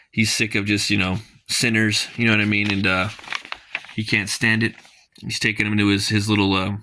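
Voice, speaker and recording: A man's voice: on the low side, pushed and bright. A man casually reviewing a comic page by page, rambling with lots of fillers and reading dialogue aloud.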